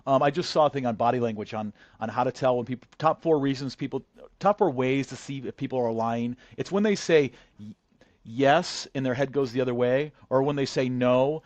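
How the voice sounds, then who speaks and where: A man's voice: mid-range voice, fairly quick, a little mellow, no room sound. A man as a podcast guest, a negotiator telling a story in a conversational way, often restarting and repeating words. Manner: frequent restarts and word repeats.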